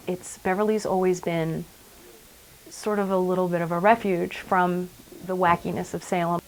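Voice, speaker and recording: Chatty middle-aged woman, lowish voice. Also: darkish tone, a little hiss or hum, rough recording. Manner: chatty storyteller, acts out quotes. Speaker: tattoo shop owner. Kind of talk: documentary interview.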